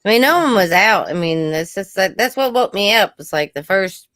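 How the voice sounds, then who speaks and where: A woman co-hosting a casual chat, relaxed and quick to laugh. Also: mid-range voice, no echo. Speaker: co-host.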